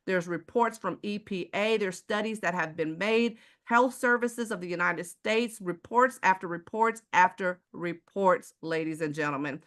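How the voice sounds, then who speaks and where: A woman's voice: fairly low pitch, a little slow, few pauses, fairly bright tone. A woman from Houston with a Texan accent, giving a live online sales presentation and asking the audience rhetorical questions. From Houston, Texas.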